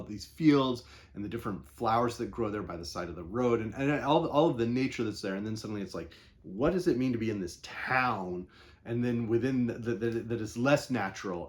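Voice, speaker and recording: A man talking through a novel in a casual, unscripted way, rambling and thinking aloud with frequent pauses. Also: on the low side. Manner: conversational, unscripted. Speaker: book reviewer. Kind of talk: casual book discussion.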